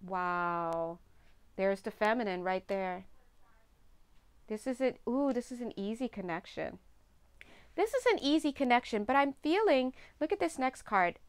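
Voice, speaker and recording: A woman's voice: a little high, lively intonation, a little slow, clean tone. A woman giving a chatty, casual tarot reading, laughing often. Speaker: tarot reader.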